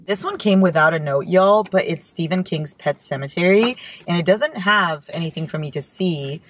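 A woman chatting casually in a car as a book vlogger, gushing and excitable, her voice jumping up into squeals. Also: lowish voice, moderate pace. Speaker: book vlogger opening fan mail. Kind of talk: casual chat. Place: inside a parked car.

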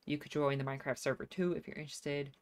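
A woman's voice: low-pitched, steady tone, fast. A woman streaming a life-sim game, chatting casually, reading chat aloud and laughing often.

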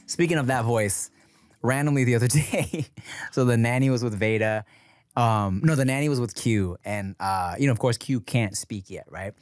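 A man's voice: medium pitch, normal speed, no room sound. A man in his thirties co-hosting a podcast in a casual, rambling chat, with lots of filler words. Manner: rambling, laughs and does voices. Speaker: podcast co-host.

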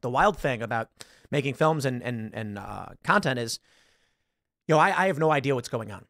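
In clean, dry studio sound, a podcast host with a medium-pitched, animated, fairly bright voice speaks at a normal pace. He rambles about films on his casual talk show, searching online and acting out lines as casual commentary.

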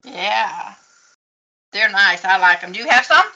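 A woman's voice: mid-range voice, animated, unhurried, sharp tone, rough recording. A woman teaching a casual painting lesson at a craft table, chatty and encouraging as she explains each step. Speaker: craft instructor.

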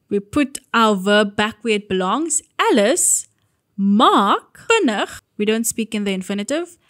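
A woman's voice: a little high, fairly bright tone. Upbeat woman teaching grammar. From South Africa. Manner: upbeat, walks through steps aloud, self-correcting. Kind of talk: online grammar lesson.

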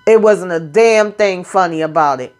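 A woman's voice: lowish voice, normal speed, a little mellow. A woman hosting a casual reality TV recap, blunt and profane, acting out quotes as she retells scenes. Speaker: YouTube reality TV recap host.

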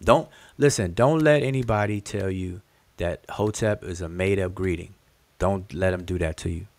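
A man's voice: low-pitched, moderate pace, no room sound. A man hosting a livestream lesson, patiently explaining inscriptions, repeating key words and talking straight to his chat. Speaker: host teaching hieroglyphic writing.

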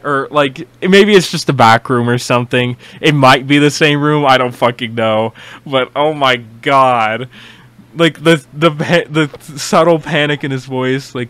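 A young man hosting a casual reaction video, excitable and rambling, swearing often with many restarts. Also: mid-range voice, unhurried, clean tone.

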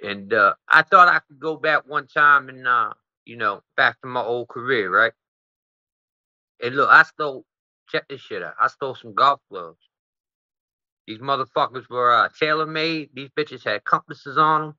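A man's voice: mid-range voice, moderate pace, sharp tone, no echo, highs cut off. A man as an interview guest, telling a profane, rambling story and tagging his sentences with "right?".

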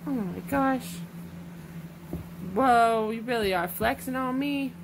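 A young mother with a high voice talks slowly to her toddler in coaxing, sing-song baby talk. The home recording carries a noisy background behind her. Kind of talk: casual home vlog.

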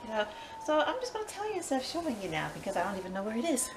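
A woman filming a home vlog in a panicky, exclamatory way, repeating herself again and again. Her voice sits on the high side. The handheld recording carries clear background noise. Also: big pitch swings, rapid-fire. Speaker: vlogger. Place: home storage room. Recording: noisy home video.

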